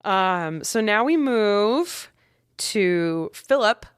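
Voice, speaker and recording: A woman's voice: mid-range voice, lively intonation, drawn-out words, smooth, dry recording, clean studio sound. A woman co-hosting a podcast in casual chat, recapping animatedly and swearing freely. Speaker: podcast co-host.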